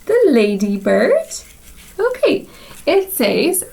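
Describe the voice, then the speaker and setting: A woman teacher reads a picture book aloud to young English learners and talks to them as "everyone." She speaks very slowly, with a high, lively voice, and keeps encouraging the children. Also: a little hiss or hum.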